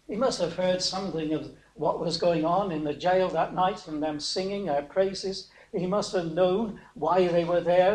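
Male preacher, high voice, halting sermon delivery with fillers, echoey room. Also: a little mellow. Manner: hesitant, many fillers, asks rhetorical questions. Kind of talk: sermon retelling a Bible story.

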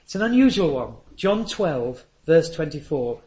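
Older guy preaching, tells earnest little stories, slightly high voice. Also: very animated, unhurried, few pauses, a little mellow. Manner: earnest storytelling with asides. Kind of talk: sermon.

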